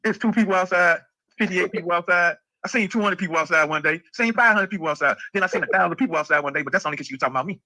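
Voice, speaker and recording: Guy rattling off profane gossip super fast, bit high voice. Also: rough recording. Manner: fast, profane storytelling, animated quoting. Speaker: live-stream co-host. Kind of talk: casual live-stream gossip chat.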